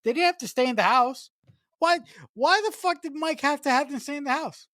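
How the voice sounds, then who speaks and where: A woman's voice: high voice, lively intonation, brisk, a bit bright, no room sound, studio quality. Emphatic woman ranting about a film. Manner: emphatic, profane, stumbling restarts when worked up. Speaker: podcast co-host. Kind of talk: casual film review chat.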